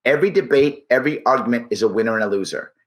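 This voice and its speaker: A man's voice: mid-range voice, racing. A man speaking as an interview guest, emphatic and punchy, repeating key words for effect. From United States. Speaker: guest, political activist. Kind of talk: persuasive interview talk.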